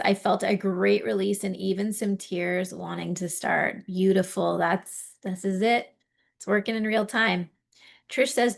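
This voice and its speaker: Woman talking people thru tapping points, soft encouraging tone, bit of vocal fry. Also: medium pitch. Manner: gentle, encouraging, talks viewers through each step. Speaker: tapping coach. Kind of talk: guided tapping lesson, live.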